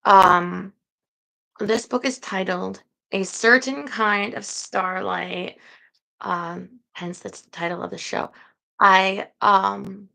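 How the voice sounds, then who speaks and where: A woman hosts a casual livestream and chats to her viewers without a script, wandering from thought to thought with frequent fillers. Her voice has a bright, forward edge. Gravelly fry creeps into many of her phrases. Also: mid-range voice, poor audio. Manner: rambling, hesitant, many fillers. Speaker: book-reading livestream host.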